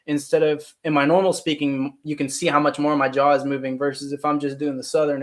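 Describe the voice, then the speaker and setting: A man's voice: fairly high pitch, little pitch movement, a little fast, few pauses. A man in his twenties, an actor and channel host, chatting casually on a live stream and answering viewer comments. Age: 20s.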